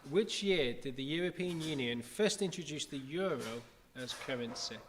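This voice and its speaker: A man in his thirties hosting a casual livestream quiz, brisk, chatty and joking, recorded in a church building. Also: on the high side, expressive. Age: 30s. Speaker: quiz host. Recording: long reverb with faint noise.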